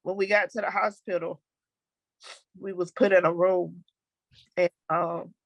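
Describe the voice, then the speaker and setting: A middle-aged woman with a Southern American accent, telling her own story in a halting, emotional personal testimony. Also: fairly low pitch, flat delivery, dry recording, lo-fi sound.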